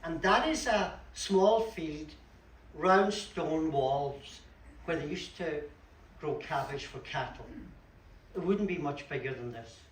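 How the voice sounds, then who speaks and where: Donegal fella giving a local history talk, chatty with dry jokes, roomy hall, mic a bit far off. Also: male voice, a little high, slow pace. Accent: Donegal Irish. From Donegal, Ireland. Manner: chatty, explanatory, with dry asides. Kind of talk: public lecture on local place names. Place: community hall at a book launch. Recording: echoey hall, distant mic, faint room noise.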